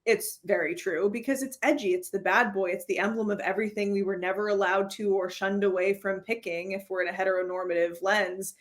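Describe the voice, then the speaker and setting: A woman, a therapist guest in an interview, telling personal stories in a lively way, acting out dialogue and laughing often. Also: medium pitch, a little fast, hardly any pauses. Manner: animated storyteller who acts out quoted dialogue and laughs often. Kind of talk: conversational interview.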